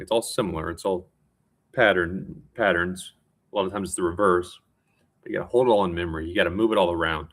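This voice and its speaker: A man with a lowish voice rambles through a casual vlog monologue, plainly tired. He mocks himself as he goes, tripping over words and starting sentences over. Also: fairly bright tone. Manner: rambling, self-mocking, with frequent restarts and laughs. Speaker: vlogger.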